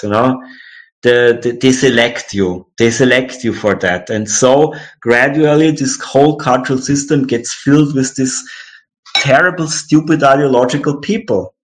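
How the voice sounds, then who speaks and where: Indignant man ranting. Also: mid-range voice. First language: German. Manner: indignant, ranting, many restarts and fillers. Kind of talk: casual conversation.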